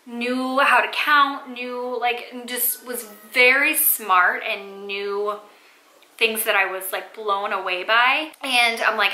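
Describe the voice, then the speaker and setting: A woman's voice: a little high, fairly even intonation, takes it slowly, bright, forceful tone. A young woman, a mother, chatting casually to camera with lots of "like" and "um" fillers. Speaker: mom vlogger. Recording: echoey room.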